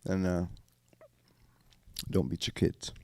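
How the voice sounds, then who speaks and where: A man co-hosting a casual talk show who jokes around and chimes in with quick agreement. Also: sits low, level tone, creaky, a little mellow, no room sound. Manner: joking, quick affirmations. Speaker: co-host. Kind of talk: casual chat.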